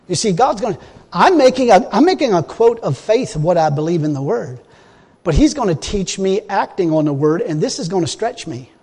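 High-voiced folksy preacher in a hall. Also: male voice, breathy edge. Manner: folksy storytelling, swings from loud emphasis to quiet groans. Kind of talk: sermon testimony. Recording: long hall reverb.

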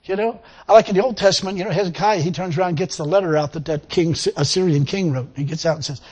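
Man, pastor, sermon, high-pitched, breathy, animated, laughs often. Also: fast talker. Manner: animated, laughing, acts out quotes. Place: church with responding congregation.

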